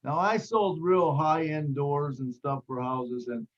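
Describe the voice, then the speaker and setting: A man on a video call telling a lively sales story, acting out the voices of the people in it. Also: fairly high pitch, unhurried, highs cut off. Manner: animated storyteller who acts out quotes. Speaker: sales team member sharing a story.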